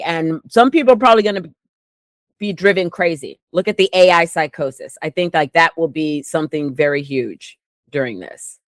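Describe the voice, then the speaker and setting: A woman's voice: on the low side, no echo. A woman co-hosting a casual talk show, telling stories animatedly with acted-out quotes. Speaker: co-host. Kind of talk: casual chat.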